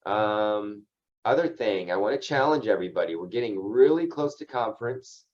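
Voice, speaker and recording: A man's voice: on the low side, expressive, normal speed, a little mellow, muffled recording. A man leading an insurance agency's training call, talking loosely and conversationally and often tagging his points with "right?". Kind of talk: casual team training talk.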